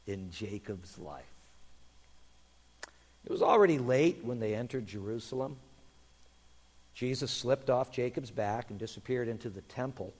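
A man pastor telling a children's sermon story in an animated way, then praying quietly. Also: medium pitch. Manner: animated storyteller, hushed in prayer. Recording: long hall reverb.

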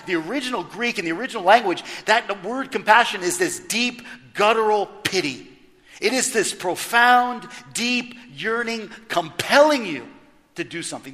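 A man preaching a sermon as pastor, animated and emphatic, throwing rhetorical questions at his congregation. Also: high voice, normal speed, long reverb tail.

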